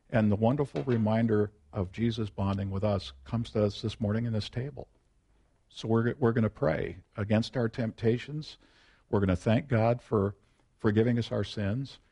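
A male pastor preaching a sermon, telling personal stories in a folksy, self-deprecating, animated way. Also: fairly low pitch, vocal fry, husky.

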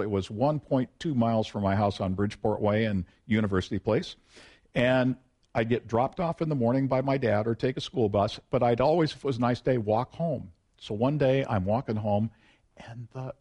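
A male pastor preaching a sermon, telling personal stories in a folksy, self-deprecating, animated way. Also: mid-range voice.

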